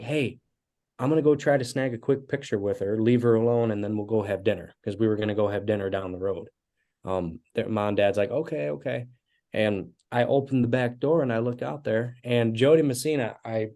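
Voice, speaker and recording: A man in his twenties, a guest musician, telling animated stories with casual fillers in an interview. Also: mid-range voice. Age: 20s. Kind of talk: storytelling interview.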